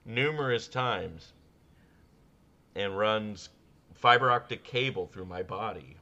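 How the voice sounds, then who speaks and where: A man co-hosting a podcast in casual comedic chat, riffing sardonically on absurd dark jokes and laughing often. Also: lowish voice, slow, dull audio. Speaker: podcast co-host.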